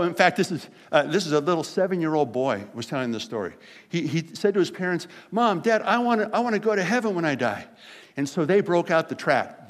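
A man preaching a conversational sermon, telling stories and acting out the people in them. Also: fairly high pitch. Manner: conversational preaching, animated storytelling with voiced quotes. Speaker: pastor.

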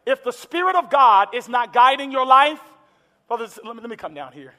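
A man preaching a sermon in a church, building to impassioned shouted climaxes. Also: very high voice, lively intonation, moderate pace. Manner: impassioned, shouting climaxes with call-and-response urgency. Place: large church hall with congregation. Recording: echoey church hall with crowd.

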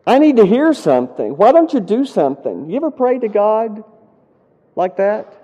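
A man's voice: high voice, very animated, normal speed, dark tone. A man preaching a sermon as a pastor. He tells a story earnestly, then rises into impassioned, pleading prayers. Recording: dull sound with long hall reverb.

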